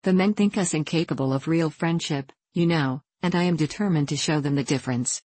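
A gushing young lady from a storybook who heaps extravagant praise on her friends, as a woman reads her aloud. Her voice sits low for a woman and sounds close and dry. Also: brisk, darkish tone, no room sound. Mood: effusive. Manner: effusive and gushing. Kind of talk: audiobook character reading.

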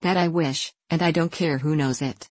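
A talkative, headstrong old landlady from a storybook, read by a woman in a low, dry voice. She runs on about her opinions and scolds freely. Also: steady tone, moderate pace, a little mellow, slightly rough, dry recording. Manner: outspoken and scolding. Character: garrulous stubborn old female innkeeper.

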